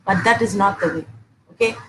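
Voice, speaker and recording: A woman's voice: mid-range voice, fairly quick, noisy background. A woman in her forties giving a teaching sermon on Christian marriage, repeating points and saying "okay" often, acting out household arguments. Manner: repeats herself often, peppers talk with "okay", acts out domestic quarrels.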